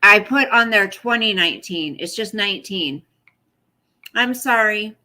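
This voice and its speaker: A woman's voice: mid-range voice, lively intonation, a little slow, bright, forceful tone. A woman hosting a casual livestream from home at night, chatty and apologetic, cooing at her pet in between. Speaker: livestream host.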